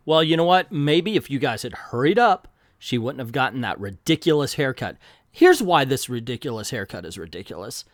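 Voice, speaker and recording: A man reviews a comic in a sarcastic, animated way, his pitch bouncing around. His voice sits slightly high and sounds dry and close, with no room around it. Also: no room sound. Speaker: comic book reviewer, channel host. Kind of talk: casual review commentary.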